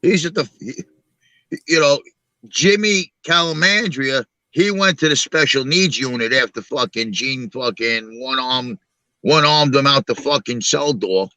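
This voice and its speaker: A man's voice: medium pitch, unhurried, sharp tone, dry recording. A middle-aged man from Long Island, hosting a live-stream and telling blunt, profane street stories. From Long Island, New York. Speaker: show host. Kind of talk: casual live-stream talk.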